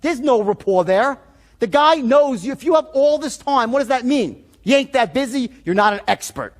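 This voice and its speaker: A man's voice: very high voice, lively intonation, normal speed. A middle-aged man teaching sales in a blunt, profane seminar storytelling style. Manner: blunt, swearing, emphatic. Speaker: sales trainer.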